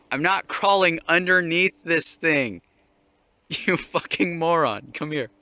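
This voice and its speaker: A man's voice: medium pitch, creaky, pushed and bright, dry recording. A young man ranting casually while walking his dog, swearing often and laughing at it. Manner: profane, mocking, laughs often. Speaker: vlogger. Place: outdoors on a dog walk.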